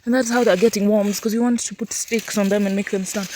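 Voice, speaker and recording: A young woman talks at a quick pace in a mid-range voice while giving a casual outdoor walkthrough of her vegetable garden for a farm-tour vlog. She exclaims excitedly at her crops and calls to her dogs, scolding and cooing at them, with a little hiss or hum audible.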